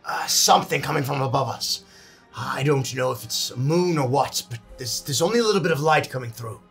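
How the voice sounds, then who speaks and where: A man speaking as a player in a tabletop game, urgent and lively. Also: mid-range voice, a little fast, faint music behind. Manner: lively, urgent in-character talk. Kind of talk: tabletop role-play.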